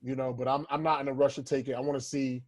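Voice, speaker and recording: A man co-hosting a casual podcast, laid-back and quick to laugh. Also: mid-range voice, little pitch movement. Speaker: podcast co-host. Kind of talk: casual chat.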